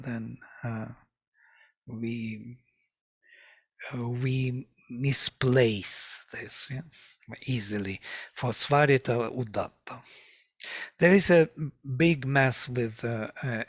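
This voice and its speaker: A man teaching a lecture on ancient scripture, speaking deliberately and chanting verses in a measured rhythm. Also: medium pitch, creaky, a bit bright, no echo, clean studio sound.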